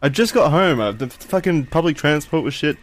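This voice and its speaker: A man's voice: on the high side, lively intonation, fairly quick, slight background noise. Persistent man prodding with questions. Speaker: podcast moderator. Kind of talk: casual chat.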